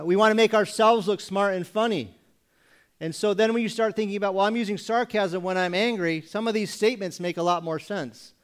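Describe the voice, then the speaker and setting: A man delivering a sermon in a slightly higher voice. He asks the room pointed rhetorical questions and leaves pauses between them. Now and then he briefly takes on other people's voices to make a point. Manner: acts out congregation voices mockingly. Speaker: pastor.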